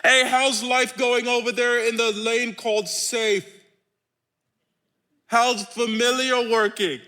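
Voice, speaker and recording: A pastor putting on a playful, coaxing Jesus. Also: male voice, very high-pitched, steady tone, slow, sharp tone, pitched above the performer's own voice, full character voice. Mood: teasing. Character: Jesus, gentle teasing man calling to friends.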